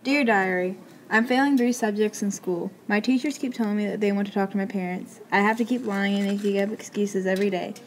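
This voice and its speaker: A woman reads a story aloud at a brisk clip, her voice sitting at an ordinary middle pitch. She keeps a plain, unadorned delivery and trips over a word here and there. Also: fairly even intonation, slight background noise, low-quality recording. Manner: quick, plain reading with small stumbles.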